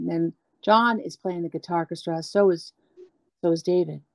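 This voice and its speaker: A woman being interviewed as a guest singer, talking candidly and at length, animated, acting out the people she quotes. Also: lowish voice, a little fast, dry recording. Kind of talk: candid storytelling chat.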